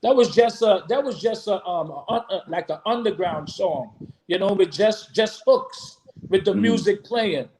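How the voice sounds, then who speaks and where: A man being interviewed about making a song, animated and repetitive, who sometimes breaks into sung hooks. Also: high-pitched, measured pace, a little hiss or hum, rough recording. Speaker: guest musician. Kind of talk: storytelling interview.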